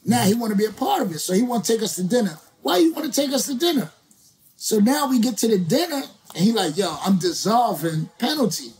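Animated, slangy male rapper telling stories. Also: sits high, fairly quick. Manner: slangy, profane, acts out quoted voices. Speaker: interview guest, rapper. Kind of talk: animated storytelling.

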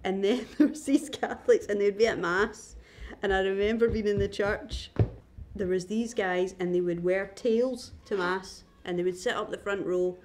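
A woman's voice: mid-range voice, steady tone, moderate pace, darkish tone, slight background noise. Chatty young Scottish woman telling stories. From Scotland. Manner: chatty storyteller, laughs often, acts out voices. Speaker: guest. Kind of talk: casual chat.

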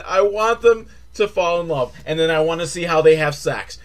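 A man recapping a movie as comedy, sarcastic and swearing, switching from flat muttering to shrill mock excitement. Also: measured pace. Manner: sarcastic, swears, mocking kid-show cheer. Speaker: movie reviewer.

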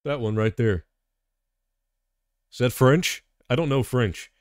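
A man's voice: mid-range voice, slow, no room sound, studio quality. A man streaming a game, thinking aloud casually and exclaiming when things go wrong. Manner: animated, exclaims and swears. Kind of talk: casual gaming commentary.

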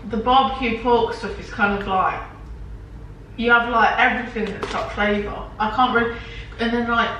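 A woman's voice: on the high side, steady tone, normal speed, bright, forceful tone, recorded from a distance. A woman giving short, frank opinions on the food in casual chat. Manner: brief, frank replies. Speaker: co-host partner. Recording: very echoey room, off mic, noise.

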